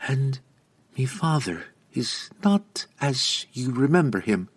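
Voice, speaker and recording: A man's voice: medium pitch, very animated, slow, slightly rough, voice pushed up, exaggerated voice. A man voicing a fiery, blunt young woman warrior who speaks curtly in dialect with dropped g's. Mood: fierce, curt.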